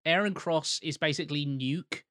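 A man's voice: on the high side, normal speed, a bit bright, no echo, studio quality. A man from the UK co-hosting a casual film podcast, wry and rambling. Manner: wry, rambling with fillers and restarts. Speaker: podcast co-host.

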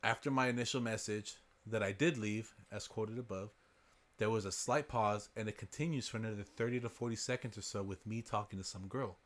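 A man's voice: on the low side, a little fast. A man hosting a podcast, reading listener stories aloud in a casual way. He swears freely and laughs as he goes.

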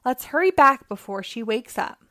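Eager squeaky girl mouse, as a woman reads her. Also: expressive, moderate pace, pushed and bright. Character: eager young girl mouse, kind and quick.

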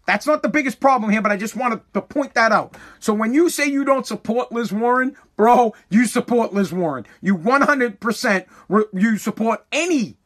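Husky high-voiced man ranting bluntly. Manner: blunt, profane, heated. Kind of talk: casual political rant.

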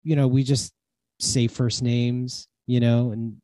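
A man's voice: mid-range voice, little pitch movement, slow pace, warm tone, dry recording. A man talking as a guest in a casual chat, hesitant and full of fillers.

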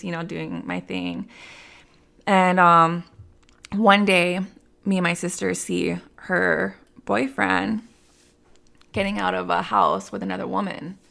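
A woman's voice: fairly low pitch, gravelly, a bit bright. A woman telling her life story in an interview, talking candidly with lots of "like" and "you know.". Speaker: interview guest. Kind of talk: personal storytelling in conversation.

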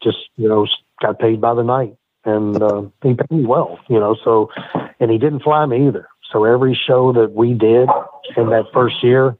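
A middle-aged former wrestler, a guest on a podcast, telling profane, animated stories full of quoted dialogue. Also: male voice, mid-range voice, moderate pace, a little hiss or hum. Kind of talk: casual storytelling in a podcast interview. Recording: phone-like line, dry.

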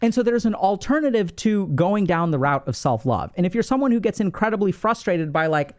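A man working as a clinician, giving an educational talk in a conversational, animated way with frequent fillers. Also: high voice, brisk, few pauses. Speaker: mental health clinician and host. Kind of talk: educational monologue.

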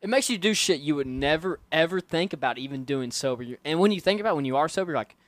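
A young man with a slightly raised pitch chats as a podcast guest. He explains things eagerly and casually. The mic is close, and the room is dry. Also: expressive, fast talker, no room sound. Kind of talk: casual chat.

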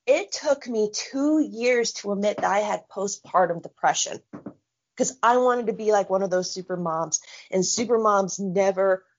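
A woman's voice: medium pitch, normal speed. A woman in her thirties, co-hosting a podcast in casual chat, talking bluntly with lots of swearing and heated rants. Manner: blunt, profane, heated ranting. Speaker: podcast co-host. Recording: dull lo-fi sound.

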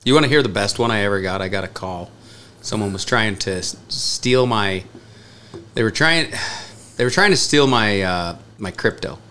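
A man's voice: on the low side, animated, moderate pace, sharp tone, clean tone. A man co-hosting a casual podcast, telling a story with lots of laughter. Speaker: podcast co-host.

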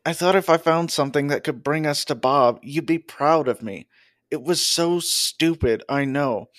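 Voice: medium pitch, normal speed, fairly bright tone, lightly acted. A podcast reader voicing a guilty, apologetic teenage boy demigod while reading a novel aloud. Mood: remorseful.

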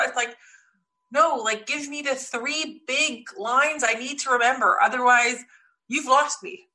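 A woman guest in a casual interview, telling lively stories and acting out what people said. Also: a little high, measured pace, slight background noise. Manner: lively storyteller, acts out quotes. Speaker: podcast guest.

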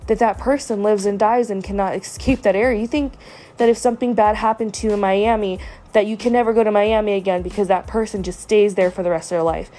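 A woman's voice: mid-range voice, steady tone, fast talker, mellow. Woman venting about a bad date. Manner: upset, venting, with frequent fillers. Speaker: podcast host. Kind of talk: personal storytelling monologue.

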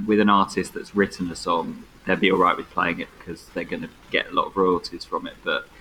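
Laid-back producer, late thirties, deep husky voice with a forceful edge. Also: male voice, level tone, a little fast, slight background noise, rough recording. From United Kingdom. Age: 30s. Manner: laid-back, chuckles often. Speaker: podcast producer. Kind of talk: casual chat. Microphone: video call.

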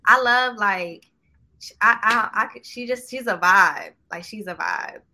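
A young woman answers questions as a guest in a relaxed, candid chat and laughs a lot. Her voice is very bright and sharp. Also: medium pitch, measured pace. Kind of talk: casual interview chat.

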